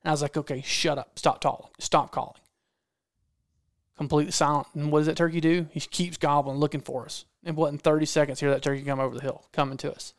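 A man's voice: fairly high pitch, little pitch movement, very fast, few pauses, no echo. A man telling a hunting story in casual talk, acting out quotes and repeating phrases for effect. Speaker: podcast guest storyteller, hunting videographer.

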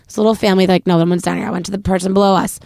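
Young woman podcast co-host, lively storyteller, gravelly fry, dry close sound. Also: medium pitch, rapid-fire, no echo. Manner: animated, acts out quotes, says "like" often. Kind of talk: casual storytelling chat.

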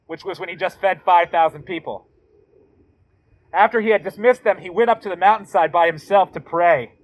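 High-voiced male pastor preaching conversationally. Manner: conversational, emphatic, slangy asides. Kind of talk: sermon.

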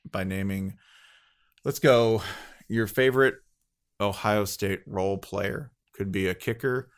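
A man hosting a podcast, telling an anecdote in a lively way and acting out what others said. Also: on the low side, unhurried, smooth. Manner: lively anecdote teller, acts out quotes. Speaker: podcast host. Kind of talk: casual chat.

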